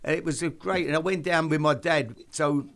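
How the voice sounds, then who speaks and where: A man's voice: fairly high pitch, normal speed. Older man telling football stories. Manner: chatty anecdote-telling with laughs, lively quoted voices. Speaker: host. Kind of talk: casual chat.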